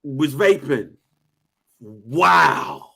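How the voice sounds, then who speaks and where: A man with an American accent chatting casually on a podcast, slangy and animated, acting out quotes in voices. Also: on the high side, drawn-out words, creaky, slightly rough. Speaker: podcast co-host.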